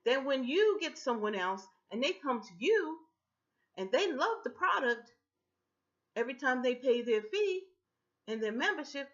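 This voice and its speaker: Emphatic woman pitching on a webcam. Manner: emphatic and repetitive, speaks straight to viewers. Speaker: vlogger pitching a home business. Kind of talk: casual persuasive talk to camera. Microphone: built-in webcam mic. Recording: dull lo-fi webcam audio.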